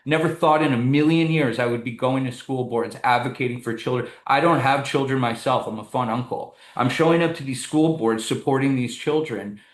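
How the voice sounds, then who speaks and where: A man speaking as a guest in an interview, an animated and emphatic storyteller. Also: mid-range voice, echoey room. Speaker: guest, community advocate. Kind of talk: conversational interview.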